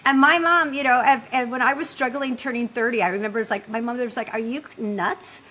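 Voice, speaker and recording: Bright, high-voiced middle-aged woman co-host. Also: fast talker. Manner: animated storyteller, acts out quoted lines. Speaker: podcast co-host. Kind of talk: casual chat.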